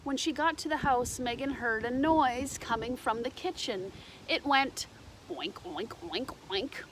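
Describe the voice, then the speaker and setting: A woman reading a children's picture book aloud with lively, animated delivery. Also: sits high, normal speed, slight background noise. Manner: animated, shouts character lines, explains to children. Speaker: storybook reader. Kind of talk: children's storybook read-aloud.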